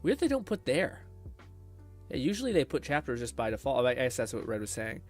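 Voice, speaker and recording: A man streaming a casual reaction video, blunt and animated, swearing and laughing often. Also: mid-range voice, fairly quick, soft background music. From Canada.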